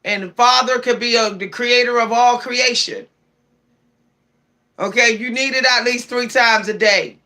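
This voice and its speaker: A woman's voice: a little high, fairly even intonation, measured pace, bright, forceful tone. A woman giving spiritual advice on her livestream, preachy and emphatic, often repeating key phrases. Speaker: spiritual streamer.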